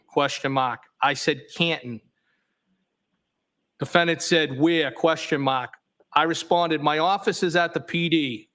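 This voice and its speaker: A man on a witness stand reads a string of text messages aloud, line by line. His voice sits a touch high for a man, and his delivery stays flat and methodical. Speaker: trial witness.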